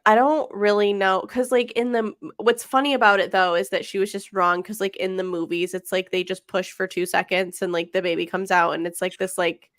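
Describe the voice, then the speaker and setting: A woman's voice: medium pitch, flat delivery, brisk, few pauses, a bit bright, no echo, studio quality. A woman interviewing a guest in casual chat, asking loose, rambling questions full of fillers. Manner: chatty, many fillers, leading questions.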